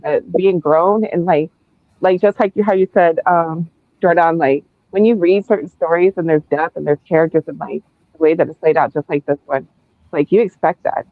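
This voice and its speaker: A woman's voice: fairly low pitch, normal speed, dry recording. Woman ranting about books, swears a lot, sounds like a thin phone line, really dry. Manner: blunt, profane and emphatic when ranting. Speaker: book club host. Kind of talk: casual podcast discussion. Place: remote video call.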